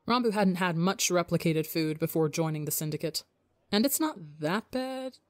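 A woman reading a fan fiction story aloud as the narrator, in a calm, steady voice. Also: fairly low pitch, normal speed, dry recording. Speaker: audiobook narrator.

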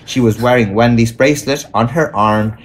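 A man reading a storybook aloud in an expressive storytelling manner. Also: mid-range voice, normal speed. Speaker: audiobook reader. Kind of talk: read-aloud storybook narration.

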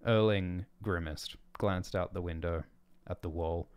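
A man narrates his own story aloud in a measured, descriptive way. His voice sits very low. He takes his time over each line. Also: steady tone, clear, resonant tone, no echo. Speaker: author and narrator.

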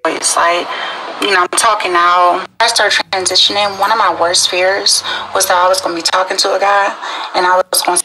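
Bright-voiced woman chatting casually. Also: fairly low pitch, level tone, normal speed, a little hiss or hum, poor audio. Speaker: social media video speaker. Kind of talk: casual talk to camera.

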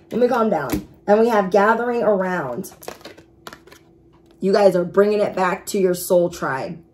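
A woman giving a casual tarot reading, chatty and excitable, speaking straight to her viewers. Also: mid-range voice. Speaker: tarot reader.

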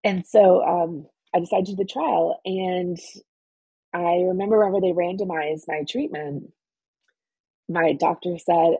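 Woman in her forties, low gravelly voice, very husky, emotional, halting, dry close sound. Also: fairly even intonation, dark tone, no echo, muffled recording. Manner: earnest, emotional, halting with restarts and fillers. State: emotional, near tears. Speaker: cancer patient telling her story. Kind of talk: personal interview storytelling.

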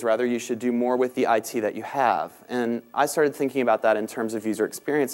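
A man with a Southern US accent giving a conference talk on business topics. He speaks quickly with many "um"s and pokes fun at himself. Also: on the low side. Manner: self-deprecating, quick, many ums. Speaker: panel speaker. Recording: talk recorded in a meeting room.

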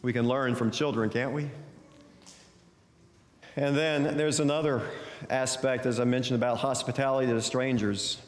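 A male pastor preaching a sermon with folksy storytelling and gentle humor. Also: mid-range voice, steady tone, moderate pace, long pauses. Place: church sanctuary. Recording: echoey church sanctuary.

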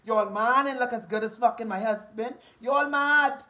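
Bahamian woman, forties, high voice, angry profane rant, repetitive taunting. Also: moderate pace, sharp tone, low-quality recording.

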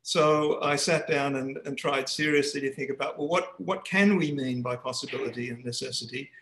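A man's voice: medium pitch, fairly even intonation, normal speed, fairly bright tone, reverberant, low-quality recording. Hesitant man giving an online seminar talk. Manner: hesitant, with frequent restarts. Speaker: guest speaker. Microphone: computer mic on a video call.

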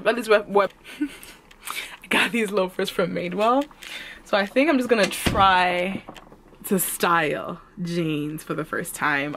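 A woman's voice: mid-range voice, a bit bright, slight background noise. A young woman chatting casually to camera in a vlog while she is feeling sick. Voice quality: playful, chatty. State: sick, congested. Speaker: vlogger.

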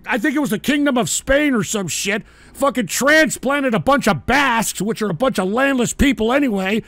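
A man hosting a live radio-style show, ranting profanely at chat commenters and shouting in mocking outbursts. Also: very high voice, vocal fry, no room sound.

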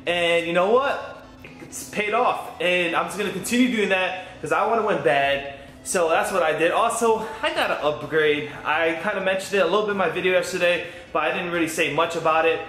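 A young man talks in a loose, excitable vlog style, rambling from one thing to the next and swearing freely. His voice sits a little high for a man. The sound bounces around an echoey room at home. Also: a little fast. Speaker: gaming YouTuber. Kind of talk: casual vlog update.

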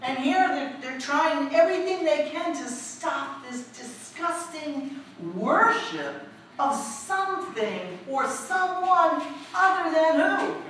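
A woman preacher giving a lively storytelling sermon, asking the congregation questions as she goes. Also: sits high. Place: church. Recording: echoey hall, distant mic, faint noise.

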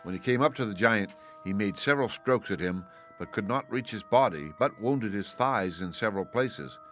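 Low-voiced male storyteller. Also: lively intonation, normal speed, a bit bright, soft background music. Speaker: audiobook narrator. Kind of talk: scripted fairy-tale narration.

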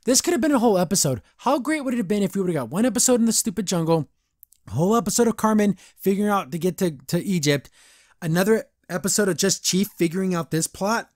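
Young guy on a podcast gushing about a show, kinda high voice, dry close sound, rambly and excited. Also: quick pace, no room sound. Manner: excitable, rambling fan talk. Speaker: podcast host. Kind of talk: casual episode review.

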